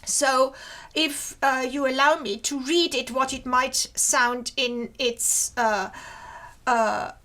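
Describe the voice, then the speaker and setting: A woman giving an academic lecture over slides. She explains each point step by step in a measured way and points to parts of the slide as she goes. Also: sits high, fairly even intonation, pushed and bright.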